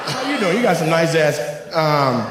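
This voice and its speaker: A male comic working the crowd, his voice sitting high and swinging wildly as he ribs the audience with profane jokes. His words ring out through an echoing club hall, with the crowd's laughter clearly audible beneath him. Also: animated, moderate pace. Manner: loud, profane, teasing banter with audience. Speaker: stand-up comedian. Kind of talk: crowd work stand-up. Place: comedy club stage before a live audience. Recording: roomy club with long reverb and audience noise. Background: audience laughter and clapping.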